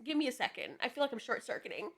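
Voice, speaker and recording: A woman's voice: fairly high pitch, very animated, rapid-fire, noisy background. A woman ranting in a profane, exasperated reaction commentary, often sputtering and laughing as she reviews a TV finale. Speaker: video reviewer.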